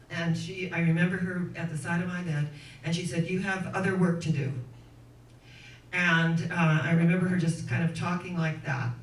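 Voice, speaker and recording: Woman minister preaching in an echoey hall. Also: on the low side. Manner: earnest storytelling with rhythmic spiritual lists. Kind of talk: sermon. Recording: echoey room, distant mic, faint noise.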